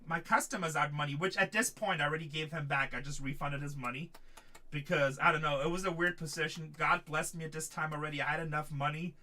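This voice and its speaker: Bright-voiced man telling a story at a distance. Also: a little high, quick pace. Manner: animated, emphatic retelling with quoted dialogue. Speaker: card break host. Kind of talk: casual storytelling. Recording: voice a little distant from the mic.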